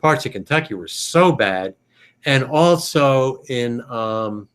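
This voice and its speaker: A man from the United States hosting a casual video call chat, thinking aloud with many pauses and fillers. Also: medium pitch, expressive, a bit bright, clear, resonant tone. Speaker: podcast host.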